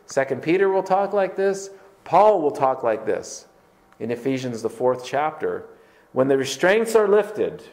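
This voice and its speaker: A Canadian pastor preaches a sermon in an emphatic, conversational way, using filler words and firing rhetorical questions at his congregation. His voice is a little high with a darkish tone.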